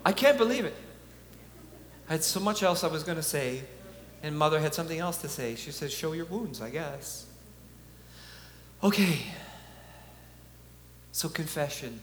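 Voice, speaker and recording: A man with a slightly high voice speaks at a moderate pace, leaving long pauses. He's a conference speaker giving an earnest, conversational preaching talk, chuckling now and then, in a large hall. The recording is echoey with a faint hum.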